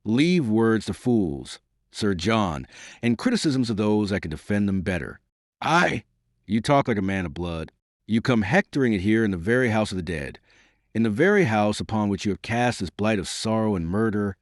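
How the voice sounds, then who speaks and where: A man doing a proud, impassioned gentleman. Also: lowish voice, animated, moderate pace, no echo, clean studio sound, natural voice. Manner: impassioned and pleading. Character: proud, passionate English gentleman.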